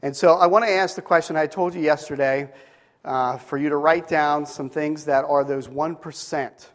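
This middle-aged pastor speaks with a steady, fairly high voice at a moderate pace, his words trailed by long reverb. Addressing a live Bible school audience, he tells a sermon story casually, rambling and restarting often.

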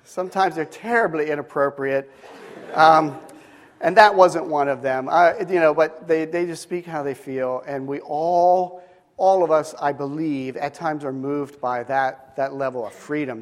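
In a large hall at a Bible school, a middle-aged pastor with a fairly high pitch preaches unhurriedly to a live audience. His sermon story wanders casually, with frequent restarts.

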